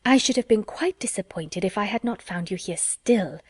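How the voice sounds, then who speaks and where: A woman's voice: mid-range voice, animated, normal speed, darkish tone, breathy edge, no room sound. Woman narrator doing sly young lady, sugary and insistent, storybook read, dry close sound. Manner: emphatic, over-sweet insistence. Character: gushing, sly young woman, needling rival.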